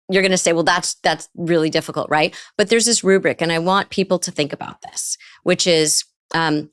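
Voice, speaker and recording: A woman's voice: on the low side, fairly bright tone, dry recording, studio quality. A woman therapist in an interview, explaining ideas and often asking rhetorical questions. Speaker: therapist guest. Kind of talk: interview conversation.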